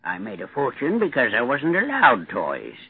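A willful, husky old tycoon. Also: male voice, medium pitch, wildly swooping pitch, moderate pace, exaggerated voice. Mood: defiant. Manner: cantankerous, grumbling. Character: willful rich old man of ninety-three. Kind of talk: vintage radio drama acting. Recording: tinny old radio broadcast.

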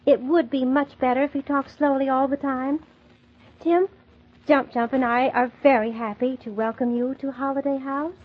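A woman voicing a kindly, gentle hostess who talks softly and laughs often, on a dull lo-fi recording. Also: high-pitched, fairly even intonation, moderate pace.

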